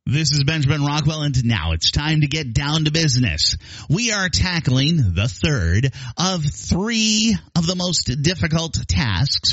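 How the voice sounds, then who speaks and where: A man hosting a podcast, talking in a chatty, animated storytelling way with frequent restarts. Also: on the high side, no room sound. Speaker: podcast host. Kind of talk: casual spoken monologue. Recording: dull lo-fi dry sound.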